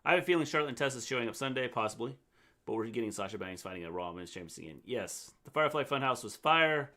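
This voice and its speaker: An older man co-hosts a casual livestream recap. He talks in a relaxed, halting way and often repeats his words. His voice sits at an ordinary middle pitch. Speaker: co-host, the host's father.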